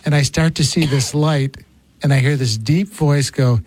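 A man hosting a talk show, telling a personal story in a lively, conversational way. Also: on the high side, normal speed, dry recording. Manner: storytelling, animated. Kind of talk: casual chat.

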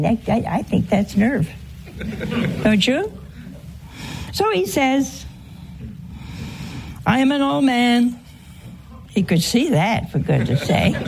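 A woman's voice: fairly high pitch, a little mellow, slight background noise. A woman preaching a humorous sermon, teasing her listeners with rhetorical questions and frequent chuckles.

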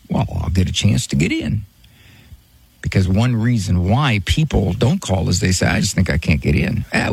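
A man's voice: mid-range voice, gravelly, slightly rough, dry recording. A middle-aged American man hosting a Christian call-in radio show, folksy and pastoral, repeating the phone number. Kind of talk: casual call-in radio talk.

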